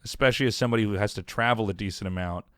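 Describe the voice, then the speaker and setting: A man's voice: fairly low pitch, racing, a bit bright, no echo, clean studio sound. Laid-back American podcast host man. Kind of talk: casual podcast chat.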